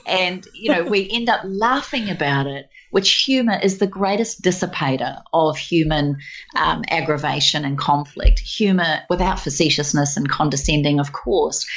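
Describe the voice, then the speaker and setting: A woman tells personal stories as a guest, animated and expressive. Her voice sits low for a woman. The recording is slightly dull and lo-fi. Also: moderate pace. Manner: animated, expressive storyteller who slips into voices. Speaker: guest speaker. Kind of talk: casual conversational storytelling.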